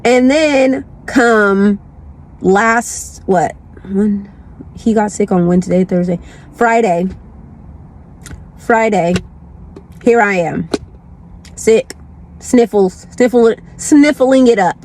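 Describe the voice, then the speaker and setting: A woman's voice: mid-range voice, takes it slowly, long pauses, a little mellow, slight background noise. A woman vlogger chatting casually from her car, congested from the flu, rambling and repeating herself. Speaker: lifestyle vlogger. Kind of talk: casual chat.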